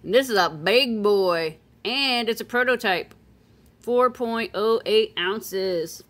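A woman casually chatting as she unboxes silver pieces, playful and chatty, breaking into excited squeals and sing-song calls. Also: mid-range voice, takes it slowly. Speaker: silver coin collector vlogger.

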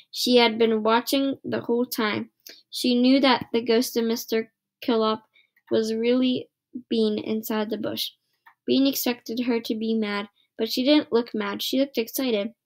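Woman, higher pitch, reading a children's book aloud, even storytelling. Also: measured pace. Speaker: reader.

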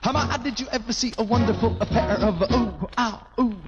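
Male singer as a skinny, timid girl-watcher on a novelty record; high, unhurried croon broken by yelps, over a loud band on dull old vinyl. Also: over loud music. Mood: ogling. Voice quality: crooning, yelping "ooh, ow". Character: timid little man ogling bathing beauties.

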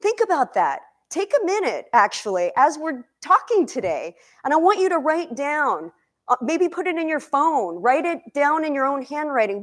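A high-voiced woman speaks with bright energy to a live audience in a kitchen. She fires off questions, jokes and gets heartfelt about food. Her talk is quick and animated. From Egypt. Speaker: nutrition coach and cookbook author. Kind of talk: lively cooking demo talk to a live audience.

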